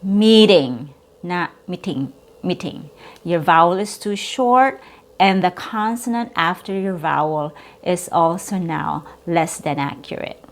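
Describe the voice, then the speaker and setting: A woman's voice: fairly low pitch, measured pace. A woman teaching English pronunciation, repeating each word and contrasting correct and wrong sounds. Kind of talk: slow, deliberate pronunciation lesson.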